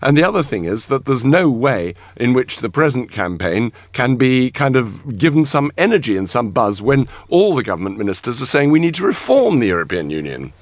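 A man's voice: medium pitch, big pitch swings, a little fast, hardly any pauses, no echo. A man speaking as a guest on a broadcast panel, articulate and assured.

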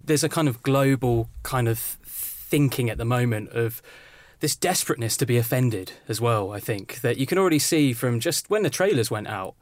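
A man with a middle-pitched voice talks as a co-writer guest, relaxed and conversational. The sound is close and dry. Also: moderate pace, no room sound. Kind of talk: film interview.

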